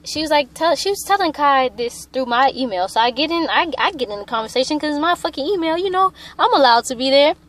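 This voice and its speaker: High-voiced young woman telling a story. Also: fast, hardly any pauses. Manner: animated, profane, acts out quotes. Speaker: vlogger. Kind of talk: casual personal storytelling.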